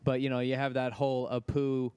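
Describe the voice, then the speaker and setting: A man's voice: medium pitch, completely flat delivery, brisk, mellow, clean tone. A man co-hosting a comedy podcast, trading teasing wisecracks in casual banter. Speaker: podcast co-host.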